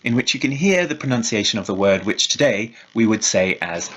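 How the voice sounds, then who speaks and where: Husky-voiced male lecturer. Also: on the low side, animated, fairly bright tone, poor audio. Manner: measured, explanatory, reads verse slowly. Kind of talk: recorded lecture.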